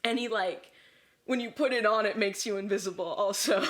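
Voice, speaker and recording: A woman co-host talks loosely after a few drinks, her voice sitting at an ordinary middle pitch. She rambles through her story, stacking fillers and breaking into laughing asides. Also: a little fast, fairly bright tone. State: a little drunk. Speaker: podcast co-host. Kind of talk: casual chat retelling a story.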